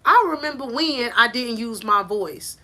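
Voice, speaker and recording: A woman life coach gives a motivational faith talk on a live stream. Her talk is preachy and animated, and it often rises to near shouting. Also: a little high, a little slow.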